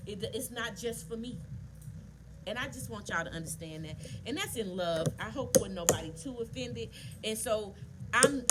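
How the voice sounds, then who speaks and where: A woman, telling a story casually to viewers while doing her nails, animated and preachy. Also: mid-range voice, noisy background. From Southern United States. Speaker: nail artist vlogger.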